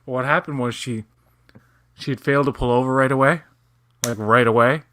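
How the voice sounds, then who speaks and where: A man's voice: mid-range voice, steady tone, fairly quick, pushed and bright, no echo, clean studio sound. A man co-hosting a casual watch-along chat, rambling loosely with many fillers. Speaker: podcast co-host.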